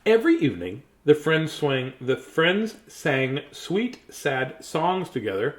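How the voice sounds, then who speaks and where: A man's voice: a little high, sing-song, slow pace. Chuckling man reading a bedtime story. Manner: chatty, chuckling asides between read lines. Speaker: storybook reader and host. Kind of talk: bedtime picture-book reading on a live stream.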